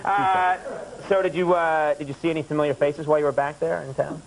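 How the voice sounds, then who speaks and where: A man in his thirties from the Boston area, a late-night talk show host, teasing his guest and laughing quickly. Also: a little high, fairly even intonation, vocal fry, low-quality recording. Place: TV studio. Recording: old VHS broadcast with loud hiss.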